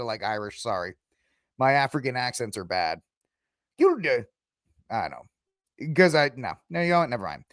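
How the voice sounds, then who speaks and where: A man's voice: medium pitch, sing-song, normal speed, pauses often, a bit bright, dry recording, clean studio sound. A man hosting a news commentary podcast, reading headlines and breaking into sarcastic, rambling asides. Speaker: podcast host.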